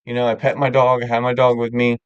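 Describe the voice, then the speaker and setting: A man's voice: medium pitch, monotone, quick pace, clear, resonant tone, no echo, dull audio. Man chatting candidly on a livestream. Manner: candid, rambling, many filler words. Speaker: livestream host. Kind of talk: casual chat.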